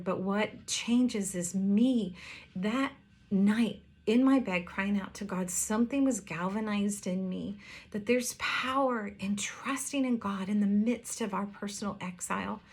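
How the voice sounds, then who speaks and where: A woman pastor preaching a heartfelt, earnest sermon, with pauses and some hesitations. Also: medium pitch.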